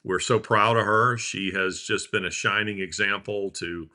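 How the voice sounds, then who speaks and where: A man's voice: on the low side, steady tone, normal speed. A middle-aged man with a Southern American accent, co-hosting a podcast and talking proudly about his daughter in a loose, rambling way. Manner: warm proud father, rambling with fillers. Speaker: podcast co-host. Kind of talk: casual chat on a video call.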